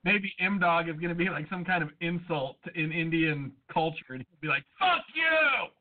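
A high-pitched man co-hosting a casual podcast, ranting about everyday gripes with plenty of swearing. The sound is thin and tinny, like it came over a phone line. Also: steady tone, normal speed. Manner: ranting and profane. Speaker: podcast co-host. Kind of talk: casual chat.

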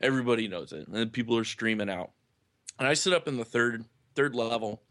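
A man's voice: medium pitch, a little fast, fairly bright tone, no echo, clean studio sound. Rambling man telling a story. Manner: rambling storyteller, many "you know" fillers. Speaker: podcast co-host or guest. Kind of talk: casual sports podcast chat.

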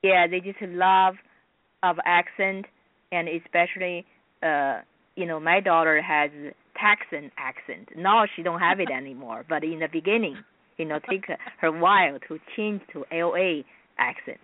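A woman's voice: lowish voice, no echo. Chinese-accented woman on a tinny line. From China. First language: Mandarin. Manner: halting, restarts often, simple non-native grammar. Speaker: guest actress. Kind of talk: radio interview. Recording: dry, tinny phone line.

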